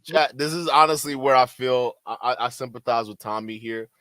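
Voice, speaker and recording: A man streaming and reacting to a debate clip, ranting loudly and swearing as he talks to his chat. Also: mid-range voice, brisk, no room sound. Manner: loud, heated, swearing rants. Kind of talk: commentary to chat.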